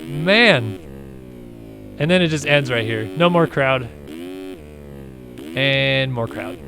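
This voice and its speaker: A man's voice: medium pitch, animated, slow pace, vocal fry, music in the background. A man casually commentating a racing game stream in a rambling, laid-back, chatty way.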